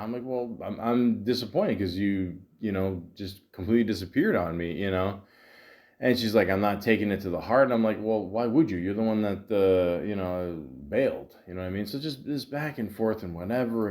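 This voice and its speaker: A man's voice: fairly low pitch, darkish tone. Frustrated rambling podcast host, man. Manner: rambling, frustrated, full of fillers and quoted back-and-forth. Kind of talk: casual storytelling monologue. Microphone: podcast microphone.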